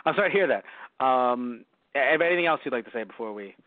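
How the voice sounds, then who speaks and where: A man's voice: medium pitch, lively intonation, quick pace, dry recording. Rambling man hosting on lo-fi line. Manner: rambling, lots of fillers and restarts. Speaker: podcast host. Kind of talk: casual movie review chat. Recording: dry, phone-like lo-fi audio.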